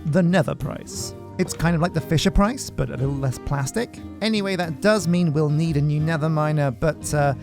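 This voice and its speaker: Casual gameplay host: man, fairly high voice, joking and rambling, faint music underneath. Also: a little fast, few pauses. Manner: joking, rambling, self-mocking. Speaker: gaming channel host.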